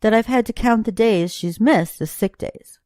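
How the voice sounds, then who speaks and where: A woman voicing a calm, apologetic office manager in an audiobook, measured and polite. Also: fairly high pitch, no echo, clean studio sound, close to an everyday voice.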